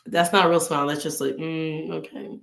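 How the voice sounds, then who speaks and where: A woman's voice: low-pitched, steady tone, rapid-fire, creaky, fairly bright tone, reverberant. A woman hosting a casual vlog, sharing faith and personal stories in an earnest way and acting out bits of inner dialogue. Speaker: vlog host.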